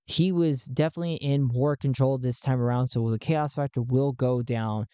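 A man's voice: medium pitch, steady tone, moderate pace, dark tone, clean tone, no room sound. A man narrating and playing his own solo tabletop role-playing game. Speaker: solo game master and player.

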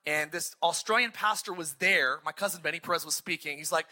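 Bright-voiced, animated male pastor preaching. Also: fairly high pitch, brisk. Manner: energetic, joking, self-deprecating storyteller. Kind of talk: sermon. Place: church.

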